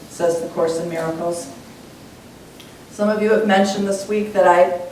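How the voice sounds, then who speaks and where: Preaching a sermon in a church sanctuary, a woman minister speaks at mid pitch with an earnest, reflective teaching manner. She's recorded from a distance, a little away from the mic, which picks up heavy church-hall echo over a faint rumble.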